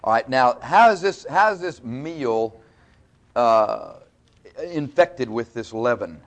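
A man's voice: medium pitch, big pitch swings, slow. A man preaching a sermon in a folksy, conversational way, teaching verse by verse with asides to the congregation.

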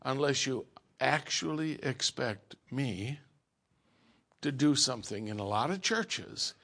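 A man's voice: medium pitch, animated, slow, creaky, fairly bright tone. A man preaching a sermon, telling stories in an emphatic, folksy way. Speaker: pastor.

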